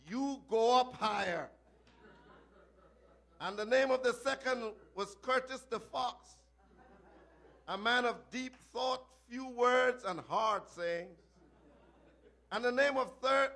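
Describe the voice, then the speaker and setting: A male preacher recounting a vision in an archaic biblical cadence, breaking into shouted refrains. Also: extremely high pitch, gravelly.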